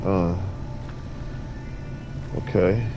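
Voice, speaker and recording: A man's voice: low voice, fairly even intonation, extremely slow. A man rambling with preachy musings while commenting on his gameplay. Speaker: gamer. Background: game music.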